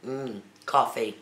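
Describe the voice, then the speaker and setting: A woman from the UK chatting casually on a live stream, reading out viewer comments and answering them. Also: extremely low pitch. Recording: echoey room with faint noise.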